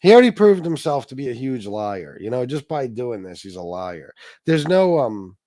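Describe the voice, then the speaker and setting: A man's voice: medium pitch, sing-song, moderate pace, warm tone, dry recording, clean studio sound. A man hosting a casual livestream, chatting loosely and profanely with viewers and reading their donations, with many restarts. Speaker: livestream host.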